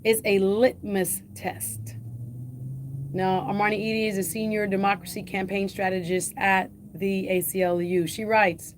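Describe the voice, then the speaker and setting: A woman host with a Jamaican accent, reading an editorial aloud and commenting on it, slowing down and lifting her voice on key phrases. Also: slight background noise. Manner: emphatic, slows and lifts pitch on key phrases.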